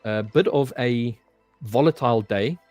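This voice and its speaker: A man's voice: medium pitch, measured pace, a little mellow, no room sound, soft background music. Man hosting a trading live stream. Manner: reads viewer comments aloud and chats loosely, saying "mate" often. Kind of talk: casual live-stream chat with viewers.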